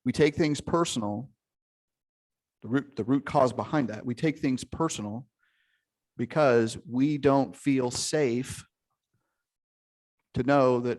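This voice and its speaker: A man's voice: mid-range voice, slow pace, pauses often. Emphatic male coach on a video call. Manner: energetic and emphatic, with frequent check-ins and swearing. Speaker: relationship coach. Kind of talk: live online coaching session.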